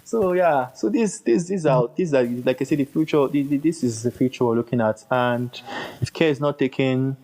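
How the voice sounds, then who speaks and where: A man's voice: medium pitch, moderate pace, a little mellow, rough recording. Passionate Nigerian man, podcast guest. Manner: passionate and emphatic, repeats phrases for effect. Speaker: guest, culture writer. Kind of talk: casual podcast conversation.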